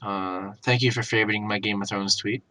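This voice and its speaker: A man's voice: on the low side, fairly even intonation, brisk. A man co-hosting a gaming podcast, chatting loosely with lots of fillers and swearing. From Pennsylvania. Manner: loose, filler-heavy, swearing, bursts into loud mock shouting. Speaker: podcast co-host. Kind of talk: casual chat.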